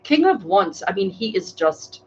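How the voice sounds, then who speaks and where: This tarot reader's mid-range, creaky voice swings widely in pitch at a normal speed. Streaming live from home, she chats with viewers and addresses them by name, over a muffled recording with slight background noise.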